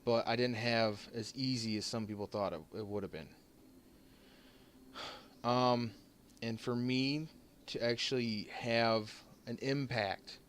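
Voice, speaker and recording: A lower-voiced man speaks straight to his viewers, choked up and fighting back tears. He talks in halting bursts, stumbles over his words and restarts them, then pushes on with sincere thanks. Faint room ambience hums under his voice. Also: a little hiss or hum. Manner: halting and heartfelt, many restarts and pauses. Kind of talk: emotional off-the-cuff thank-you vlog.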